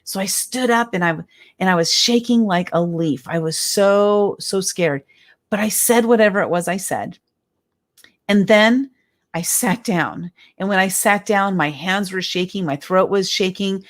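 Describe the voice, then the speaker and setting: A woman's voice: medium pitch, measured pace. A woman in her fifties giving an emphatic, heartfelt motivational talk as a speaker and coach, often repeating her phrases. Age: 50s.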